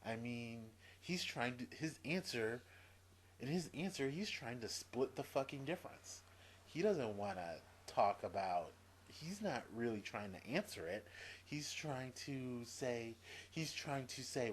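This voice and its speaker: A man's voice: expressive, measured pace, slight background noise. A man venting to camera in a profane opinion rant, exasperated and repeating his points. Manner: exasperated, profane, repeats himself, swings from low mutter to loud. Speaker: video blogger.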